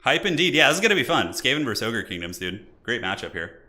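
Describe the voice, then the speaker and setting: A young man hosting a live game stream, chatting casually and excitably with viewers and often laughing. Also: medium pitch, fast. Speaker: streamer hosting multiplayer matches.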